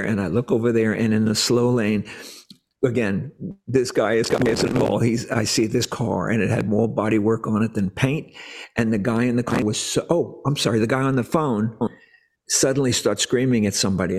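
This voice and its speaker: An older American man on a video call, telling an animated story, acting out voices and sometimes dropping to a whisper. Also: medium pitch, a little fast. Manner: animated, acts out dialogue, drops to whispers. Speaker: guest musician. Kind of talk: storytelling interview.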